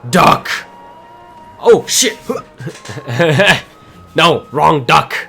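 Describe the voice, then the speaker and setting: A man giving excitable, casual commentary while streaming a game, often swearing and laughing. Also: a little high, very slow, gravelly, soft background music.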